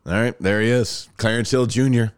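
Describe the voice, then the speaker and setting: A man hosting a podcast in a casual, chatty way, at an ordinary middle pitch. He tells stories and gushes with excitement when he reads ads. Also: normal speed, a little hiss or hum. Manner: excitable, gushing, chatty storyteller. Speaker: podcast host. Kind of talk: casual chat and ad read.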